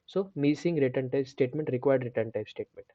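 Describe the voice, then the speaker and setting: Guy teaching coding, keeps saying "right?", mellow dry voice, kinda lo-fi. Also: mid-range voice, fast talker, no room sound. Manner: explains with repeated "right?" and restarts. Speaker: programming tutor. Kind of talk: screen-share coding tutorial.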